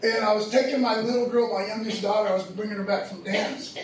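A man's voice: high-pitched, steady tone, fast, slight background noise. A middle-aged man preaching a sermon, telling a personal story in a loose, slangy, conversational way. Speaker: pastor. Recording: echoey room from far off.

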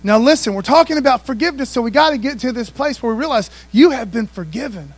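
Captured on a low-quality recording, a male pastor with a very high, expressive voice talks fast. His sermon has a conversational feel, with frequent call-outs inviting the congregation to respond.

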